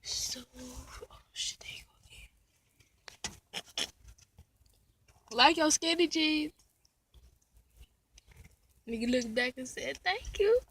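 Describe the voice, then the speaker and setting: A young woman vlogging from inside a parked car, whispering one moment and shouting the next. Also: high-pitched, animated, slow pace, long pauses, slight background noise. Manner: swings between loud outbursts and hushed whispers. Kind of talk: casual car vlog. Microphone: phone camera.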